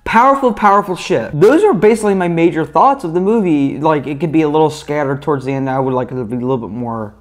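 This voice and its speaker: Excitable young man reviewing a movie. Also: a little high, fast talker, hardly any pauses. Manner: excited, rambling, swearing, many fillers. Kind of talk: casual spoken review.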